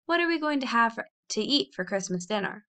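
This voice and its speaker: A woman's voice: a little high, lively intonation, a little fast, bright, forceful tone, voice pushed up. A woman voicing a young pioneer boy who asks plaintively and hopefully about dinner. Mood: wistful.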